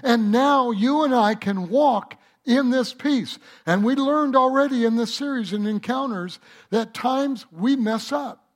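A man's voice: extremely high pitch, a little slow. A man preaching a sermon as pastor, talking conversationally and working a joke into his message.

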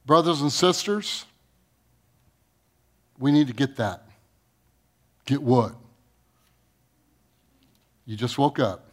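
A man preaching a sermon. He reads scripture aloud, asks the congregation questions, and swings from booming rises to low, quiet lines. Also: lively intonation, slow, pauses often. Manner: preaching with sudden rises in pitch and volume, then dropping low. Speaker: pastor.

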